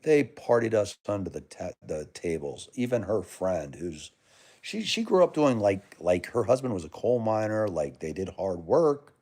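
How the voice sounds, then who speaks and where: Chummy low-voiced American man, lively. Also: moderate pace. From United States. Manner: chummy, calls viewers brother and man, rambling asides. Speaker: livestream host. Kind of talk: casual live chat reading comments.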